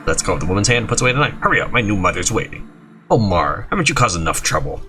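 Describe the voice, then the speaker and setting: Man, low voice, bright tone, quick lively reading of game text. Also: faint music behind. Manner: animated, jumps between character voices and asides. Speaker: gaming YouTuber.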